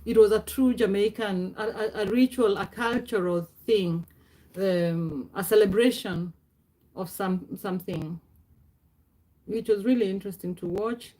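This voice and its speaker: A middle-aged woman hosting a casual live stream, chatting loosely and calling out viewers by name, with frequent laughs and throat clearing. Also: mid-range voice, a little slow, mellow.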